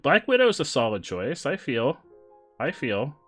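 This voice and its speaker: A man's voice: mid-range voice, huge pitch swings, a little slow, a bit bright, soft background music. A male streamer chatting casually with his viewers while playing, joking and laughing often. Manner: joking, laughs often, reads chat aloud. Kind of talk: casual live-stream chat while gaming.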